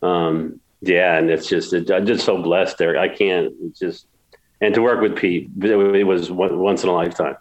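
With a deep voice and a steady tone, a man in his sixties from upstate New York speaks at normal speed, with the highs cut off in the audio. He builds golf courses and is a guest in a storytelling interview, recounting emotional stories with many restarts and repeats.

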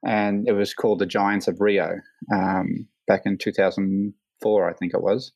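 Australian man, fairly low voice, dry close sound, relaxed storyteller, lots of fillers, acts out quotes. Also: moderate pace, no echo, rough recording. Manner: rambling, many fillers, animated quoting. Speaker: hang glider pilot, guest. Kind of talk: casual storytelling interview.

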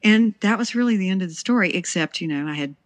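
A woman's voice: medium pitch, fast talker, dry recording. Mother telling a story, dry sound. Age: middle-aged. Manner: animated, acts out quoted dialogue, laughs often. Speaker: interview guest. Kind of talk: casual storytelling. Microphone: handheld recorder.

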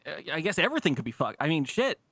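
A man hosting a podcast, telling profane, animated stories in casual chat and acting out what people said. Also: fairly high pitch, rapid-fire, slightly rough, dry recording. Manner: profane, animated, acts out quotes. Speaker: podcast host.

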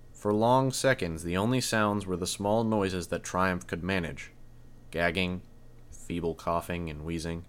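A man narrating a first-person story in a tense, measured reading. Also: lowish voice, a bit bright. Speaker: audiobook narrator.

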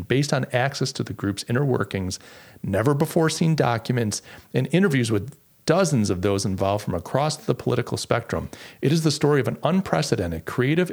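A man's voice: medium pitch, creaky, a little mellow. A man hosting a political talk show, reading quotes from an article aloud with sarcasm and plenty of restarts. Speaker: podcast host.

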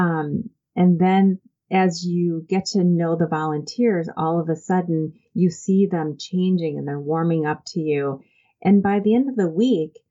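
Low-voiced earnest woman telling stories. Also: warm tone, highs cut off. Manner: earnest and heartfelt, many "um"s and restarts. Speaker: interview guest, church volunteer program founder. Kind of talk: conversational interview storytelling.

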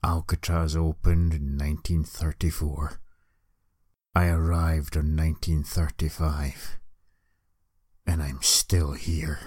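A man reading a cheeky, deadpan podcast promo. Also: extremely low pitch, slow pace, no echo. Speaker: podcast ad narrator. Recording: music bed behind the voice.

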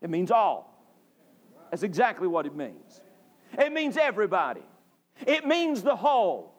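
A man from North Carolina, preaching a sermon emphatically, repeating phrases and rising to shouts. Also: sits high, wildly swooping pitch, unhurried. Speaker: pastor. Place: church sanctuary.

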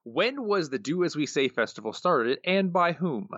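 A man's voice: a little high, very animated, normal speed, fairly bright tone, no room sound, lo-fi sound. A man co-hosting a casual podcast, laid-back and dryly understated while running a trivia quiz. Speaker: podcast co-host.

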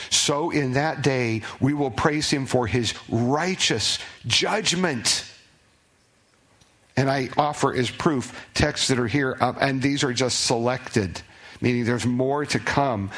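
A man's voice: medium pitch, fairly bright tone. A man pastor preaching a sermon in a church, talking plainly with the congregation and lifting his voice when he reads scripture aloud. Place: church sanctuary.

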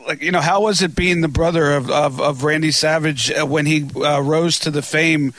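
A man's voice: fairly high pitch, fairly even intonation, moderate pace, fairly bright tone, dry recording. A man hosting an interview, asking long, rambling questions with many restarts. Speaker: podcast host. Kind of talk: casual interview.

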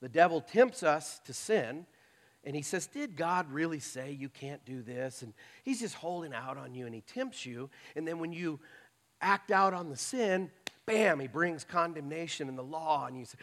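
A man preaching a sermon in a conversational way, dropping into soft mocking asides. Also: on the high side, animated, normal speed. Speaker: pastor.

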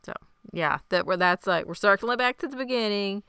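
A woman's voice: medium pitch, animated, fairly quick, pushed and bright, smooth, no echo, clean studio sound. A woman recapping a TV show in casual chat, wry and matter-of-fact.

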